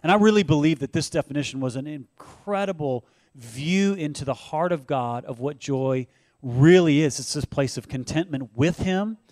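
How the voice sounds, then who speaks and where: A man pastor preaching in a relaxed, conversational way, with frequent fillers. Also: a little high, moderate pace, no echo. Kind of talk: sermon co-hosting.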